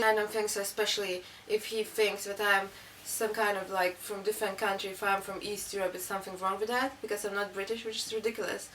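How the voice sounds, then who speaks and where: A woman's voice: mid-range voice, steady tone, fairly quick, few pauses, sharp tone. A young woman, telling a story in a rambling, casual way with many fillers. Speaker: interviewee. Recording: distant mic, faint room noise.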